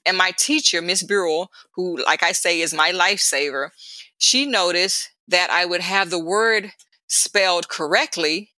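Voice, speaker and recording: A middle-aged woman recounting her childhood as an interview guest, in a bright, forceful voice. She tells it casually and chattily, talks straight to her hosts, and acts out the voices of people in her story. The sound is dry and close. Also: lowish voice, measured pace, dry recording, poor audio. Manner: animated, laughing storyteller who acts out voices.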